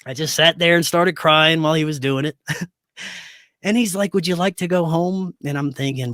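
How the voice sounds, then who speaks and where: A man with a voice a bit higher than most tells a personal story in a casual interview. He acts out what everyone said and laughs between lines. The sound is dry and close to the mic. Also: normal speed, no echo. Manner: animated storyteller who acts out dialogue, laughs often. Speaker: podcast guest.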